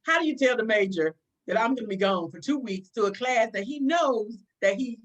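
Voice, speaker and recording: A middle-aged woman, a police chief, telling a career story in an interview, animated, acting out dialogue and often restarting sentences. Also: a little high, a little fast.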